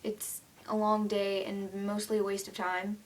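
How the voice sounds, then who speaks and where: A woman's voice: medium pitch, flat delivery, measured pace. A teenage girl ranting to the camera in a casual vlog, chatty and indignant, full of "like" and "um". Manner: chatty, lots of "like" and "um"; indignant storytelling. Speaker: vlogger.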